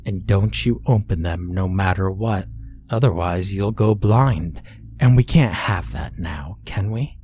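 A man voicing a gentle dying grandmother. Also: deep voice, a little slow, a little hiss or hum. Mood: tender. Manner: soft, tender, soothing.

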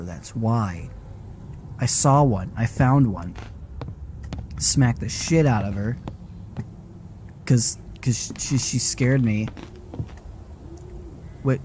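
A man streaming a horror game live, foul-mouthed and jumpy, snapping back at the screen every time something moves. His voice sits at an ordinary middle pitch. A faint hum of noise sits under the talk. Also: slow, pauses often, mellow. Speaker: gaming streamer. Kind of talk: live horror gameplay commentary.

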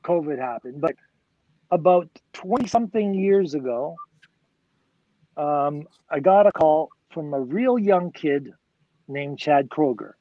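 A man's voice: a little high, lively intonation, takes it slowly, dry recording. A man in his sixties, a record producer guest on a podcast, telling a casual, rambling story full of "like" and "you know". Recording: dull, lo-fi, dry.

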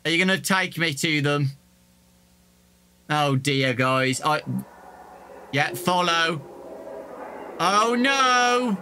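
Male gaming YouTuber, slow and wondering, higher-pitched voice. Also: lively intonation, smooth. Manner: slow, wondering, reacts with gasps. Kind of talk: game reaction commentary. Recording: talking over loud game music.

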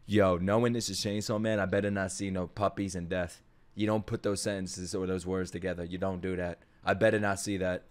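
A young man reacting out loud to an anime as a streamer, loud and exclamatory, swearing freely and talking back to the screen. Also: sits low, flat delivery, a little fast, slight background noise. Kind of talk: excited anime reaction commentary.

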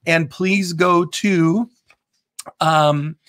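Loud, jokey bishop host, man, a touch high-pitched, keeps interrupting himself. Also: extremely slow. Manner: loud, animated, joking, self-interrupting. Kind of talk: livestream prayer and chat.

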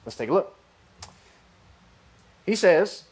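Pastor, male, high-pitched voice, lively sermon delivery. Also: a little fast. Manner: animated preaching, acting out listeners' reactions.

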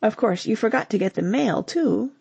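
A woman's voice: on the high side, animated, moderate pace, vocal fry, a little mellow, breathy edge, dry recording, heavily acted. A woman reading the lines of an affectionate young wife who teases her husband playfully. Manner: playful, teasing.

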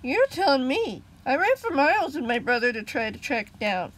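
A woman's voice: high voice, big pitch swings, normal speed, fairly bright tone, slight background noise, poor audio. A woman voicing a determined young boy hero in a storybook reading, speaking urgently and firmly. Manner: urgent, commanding.

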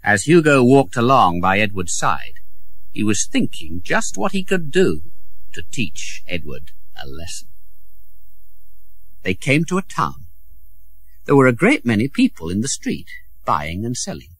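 Expressive male storyteller. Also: lowish voice, a little slow, long pauses, breathy edge. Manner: expressive, acts out every character. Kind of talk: storybook reading for English learners.

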